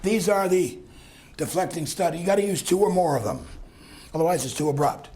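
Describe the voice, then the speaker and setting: A man's voice: fairly high pitch, lively intonation, fairly quick, mellow. A man lecturing a seminar class, telling stories and acting out dialogue with frequent chuckles. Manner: storytelling, acts out dialogue, chuckles often. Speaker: lecturer on conflict talk.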